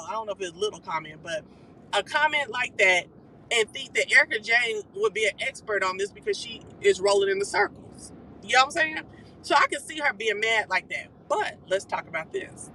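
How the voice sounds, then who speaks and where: A live-stream host dishes gossip from behind the wheel, talking quickly and swearing freely. The voice is bright and forceful, with an animated, chatty delivery. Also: medium pitch, slight background noise, rough recording. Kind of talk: casual gossip recap. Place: car while driving.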